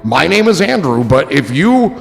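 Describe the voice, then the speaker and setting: Gravelly, animated man rambling on a stream. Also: on the high side, normal speed, in a large hall, soft background music. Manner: rambling, joking, swearing. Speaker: livestream host. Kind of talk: casual chat.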